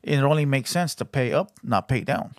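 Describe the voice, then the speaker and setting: A man with a Mexican American accent, commenting casually on clips as host, fast and animated, swearing and asking "right?" a lot. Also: mid-range voice, no echo, studio quality. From United States.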